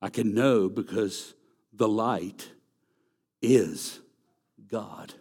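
A man's voice: lowish voice, drawn-out words, darkish tone, slightly rough. A man preaching a sermon, emphatic and repeating key phrases for stress. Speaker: pastor.

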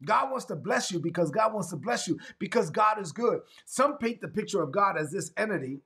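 A man's voice: sits high, lively intonation, a little fast, a bit bright. A man from Brooklyn preaching an emphatic livestreamed sermon, repeating refrains and asking viewers to write in the chat. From Brooklyn, New York. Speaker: pastor.

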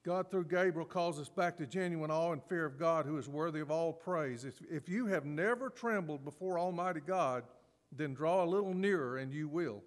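A man preaching a sermon as pastor, animated and acting out scripture scenes with laughs. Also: a little high, moderate pace, in a large hall.

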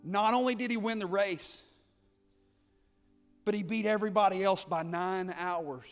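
High bright-voiced preacher guy, keeps repeating himself and asking why, music under it. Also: unhurried, creaky. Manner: preaching with rising intensity, repeating phrases, rhetorical questions. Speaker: pastor. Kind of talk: sermon.

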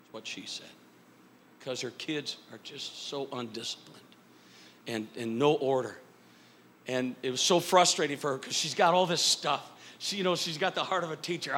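A middle-aged man preaching from a church pulpit, his voice pitched high and ringing bright. He swings from quiet storytelling to loud, shouted peaks. The sound is that of a pastor carrying a sanctuary. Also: moderate pace, a little hiss or hum. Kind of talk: sermon.

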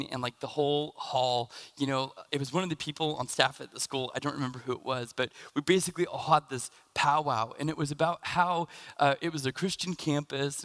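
A man in his thirties preaching a sermon in a casual, halting way, with many fillers and restarts as he tells stories. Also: a little high, fairly bright tone. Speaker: pastor.

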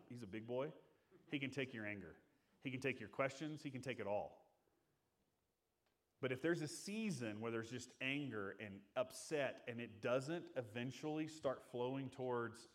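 Middle-aged male pastor with a mid-range voice, earnest and chatty from the pulpit. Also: mid-range voice. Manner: earnest, conversational preaching, acting out quoted voices. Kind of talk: sermon.

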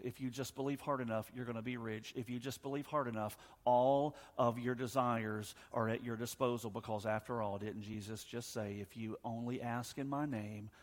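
Male pastor preaching with emphasis, loud then hushed, plain middle pitch, recorded in a long-echo hall. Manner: emphatic, swings from loud to hushed, acts out scripture dialogue. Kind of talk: sermon.

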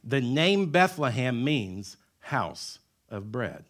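A man preaching a sermon to his church, mid-pitched and conversational. He rises to loud, emphatic declarations, then falls to hushed, slowed-down phrases. Humorous asides break up the preaching. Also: very animated. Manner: wide swings between loud emphatic lines and quiet, drawn-out words. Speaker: pastor.

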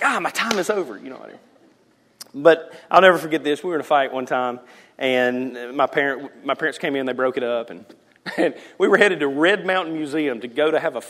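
A pastor in his forties preaches with a somewhat raised pitch, switching between teaching and lively storytelling. He acts out the voices in his stories and laughs along the way. His voice rings out with a long reverb in a church hall. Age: 40s. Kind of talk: sermon. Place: church sanctuary.

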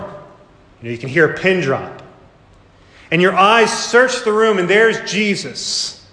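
A male pastor with a high, bright, forceful voice delivers a sermon unhurriedly, leaving long pauses. Inside the echoey church, he tells the scene vividly and acts parts of it out.

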